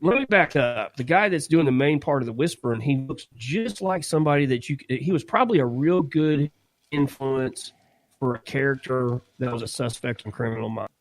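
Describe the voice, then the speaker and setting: A man co-hosting a podcast, telling a story in a casual, animated way and acting out what people said. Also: medium pitch, normal speed, no echo, poor audio. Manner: animated, laughs while telling, acts out quotes. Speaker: podcast co-host.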